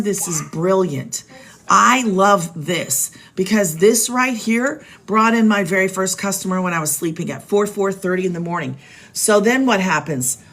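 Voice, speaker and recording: A middle-aged woman talks to her viewers from home in a casual live stream, chatty and upbeat. Her voice sits at a medium pitch, and she speaks straight to viewers through a phone mic. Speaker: live stream host selling online business programs.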